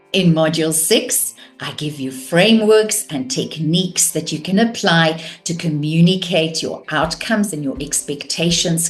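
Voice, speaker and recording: A woman teaching a course on communication, calm and measured, showing vocal techniques. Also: low voice. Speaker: communication coach.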